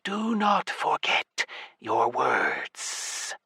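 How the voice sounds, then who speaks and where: A cold, ancient serpent god , as a male narrator puts him on, speaks in a slow, breathy, hissing whisper. The voice is bright and close, with a dry sound and no room around it. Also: mid-range voice, huge pitch swings, dry recording, exaggerated voice. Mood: ominous. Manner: slow, drawn-out and ominous. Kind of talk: audiobook character voice.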